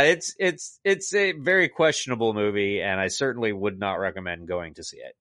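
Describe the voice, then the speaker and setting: A man's voice: on the low side, lively intonation, fairly quick, few pauses, sharp tone, no room sound, clean studio sound. A man co-hosting a podcast, casually retelling a movie in a rambling, exasperated way with lots of "like". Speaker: podcast co-host reviewing a movie. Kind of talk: casual chat.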